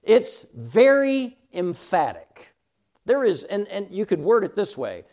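A man's voice: high-pitched, sing-song, unhurried, darkish tone. A middle-aged man teaching a Sunday school class, emphatic and often checking in with "all right?".

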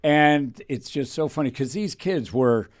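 A man's voice: mid-range voice, measured pace. A man telling a long rambling anecdote in casual chat, acting out the voices of people in the story. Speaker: radio host.

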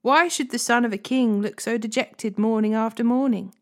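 A woman's voice: fairly high pitch, normal speed, close to an everyday voice. Woman reading as a crafty young man. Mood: sly. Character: crafty young male cousin giving sly advice.

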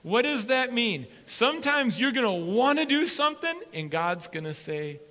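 A male pastor delivering a sermon with a high, bright voice that leaps up and down in pitch. He is energetic and playful and hammers his key words through repetition. His voice carries a long reverb from a church hall. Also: normal speed. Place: church sanctuary with congregation.

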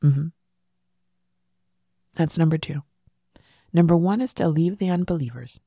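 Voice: medium pitch, a little slow, dark tone, no echo, clean studio sound. A podcast host giving a motivational monologue, emphatic and repeating key phrases, sometimes dropping into a whisper for emphasis.

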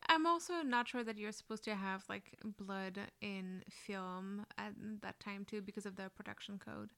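A woman's voice: mid-range voice, moderate pace, creaky, sharp tone, clear, resonant tone. A woman co-hosting a casual movie podcast, adding thoughtful, hedging remarks about film history. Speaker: podcast co-host. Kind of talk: casual movie review chat.

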